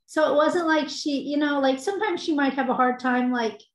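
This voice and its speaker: A woman teacher sharing a classroom story, halting and full of fillers. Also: high-pitched, roomy sound. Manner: halting, many fillers and likes. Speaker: religion teacher. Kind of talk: casual sharing in a meeting.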